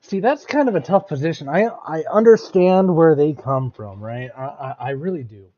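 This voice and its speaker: A man's voice: on the high side, expressive, moderate pace, dark tone, dull audio. Hesitant American man, casual commentary. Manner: hesitant, restarts and repeats words. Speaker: reaction streamer.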